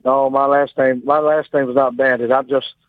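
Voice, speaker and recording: A man's voice: mid-range voice, little pitch movement, normal speed, no room sound. Male radio caller on a phone line. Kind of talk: phone-in call.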